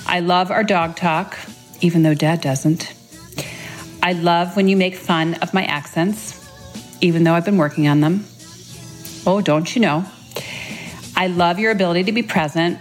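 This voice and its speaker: A middle-aged mother reads a birthday tribute in a fond, storytelling way. Her voice sits low for a woman. Soft music plays faintly behind her. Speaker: mother leaving a birthday message. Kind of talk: read-aloud birthday tribute.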